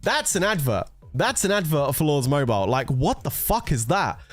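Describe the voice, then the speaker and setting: A man hosting a casual gaming livestream, bantering and teasing his viewers with some swearing. His voice sits on the higher side for a man and swings lively up and down. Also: normal speed, soft background music. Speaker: gaming streamer.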